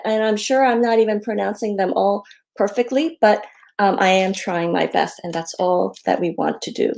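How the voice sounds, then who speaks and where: A woman reading her picture book aloud to children, in a gentle, friendly storytime manner with many pauses and ums. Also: mid-range voice, vocal fry.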